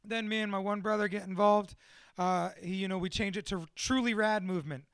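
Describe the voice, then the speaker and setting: A man's voice: sits high, steady tone, brisk, a bit bright, clear, resonant tone, dry recording, clean studio sound. A man giving a candid, profane and self-deprecating personal talk to a small audience, laughing often as he speaks. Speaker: motivational speaker.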